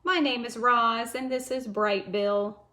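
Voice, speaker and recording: A woman voicing a gentle female robot mother in a children's book read-aloud, speaking in a formal, calm and precise way. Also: on the high side, a little slow.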